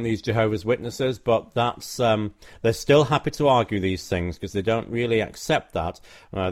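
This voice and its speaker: A man teaching from the Bible on a personal recording, explaining verses earnestly and quoting scripture aloud, with frequent ums and uhs. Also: on the low side. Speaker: preacher recounting a doorstep discussion.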